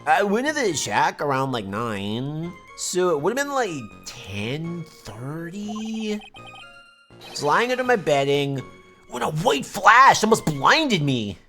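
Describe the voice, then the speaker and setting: Brief: scatterbrained young slacker guy testifying in a game, read out by a woman, lively rise and fall. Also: on the low side, slow, soft background music, full character voice. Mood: rambling. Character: scatterbrained young adult male slacker witness.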